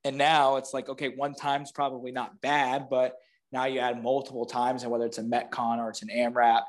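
A man's voice: mid-range voice, little pitch movement, a little fast. Rambling man in a podcast chat. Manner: rambling, heavy use of "like". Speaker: guest, physical therapist.

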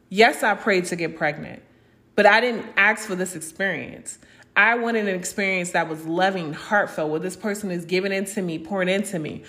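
A young woman hosts her own podcast, speaking openly and with strong feeling in a mid-pitched voice. She swears freely and slips into the voices of people she quotes. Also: fairly quick, fairly bright tone. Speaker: podcast host. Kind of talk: candid spiritual podcast monologue.

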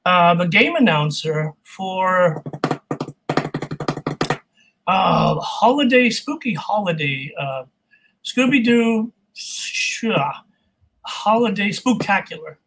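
A man from California, a voice actor, chatting as an interview guest in an animated, jokey way. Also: sits high, slow, long pauses, a little hiss or hum, poor audio. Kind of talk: casual interview chat.

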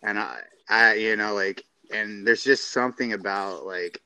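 Deep, crisp-voiced man, swearing casually. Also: measured pace, bright, forceful tone, no echo, poor audio. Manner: laid-back, swears freely. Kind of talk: casual chat.

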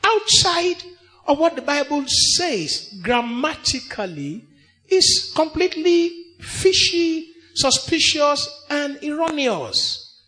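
A man with a Nigerian accent preaches in church, his voice sitting unusually high. His delivery is animated and emphatic, rising to shouts and falling to hushed asides. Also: takes it slowly. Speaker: pastor. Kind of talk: sermon.

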